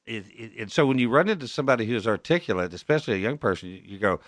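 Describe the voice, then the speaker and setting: A man's voice: on the low side, animated, rapid-fire, a bit bright, no echo. A man from Texas hosting a radio talk show, chatting folksily and chuckling often into a studio microphone. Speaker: radio host.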